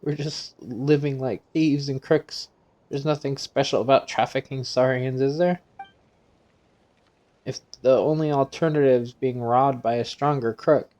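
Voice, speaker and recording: A man's voice: mid-range voice, darkish tone. A man hosting a gaming channel, playfully reading every character's dialogue aloud himself while playing and laughing often.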